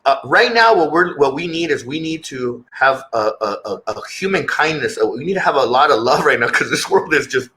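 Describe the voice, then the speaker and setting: A man's voice: mid-range voice, animated, brisk, hardly any pauses, sharp tone, poor audio. A man speaking as a guest in a candid interview, earnest and reflective, often repeating words as he searches for his thoughts.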